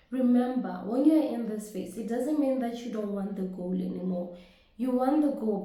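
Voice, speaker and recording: A woman with a husky voice, hoarse from a flu, giving an earnest motivational talk to camera and often checking in with her listeners. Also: medium pitch, dark tone. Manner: earnest, keeps asking "right?" to the audience. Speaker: motivational speaker and business coach. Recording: very echoey room.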